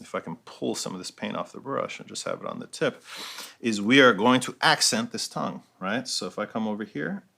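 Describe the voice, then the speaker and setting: A man walks through a painting lesson as he works, describing each brushstroke. His voice is bright and forceful at a middle pitch. He often ends a point with a quick "right?". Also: animated, creaky. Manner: explains while painting, checks in with frequent "right?". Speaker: art instructor. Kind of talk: step-by-step painting tutorial.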